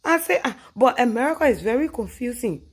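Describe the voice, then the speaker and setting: Animated Liberian woman telling a story. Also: fairly quick, breathy edge. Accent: Liberian English. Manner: animated, rising loud and high when arguing her point. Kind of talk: comic anecdote told to camera.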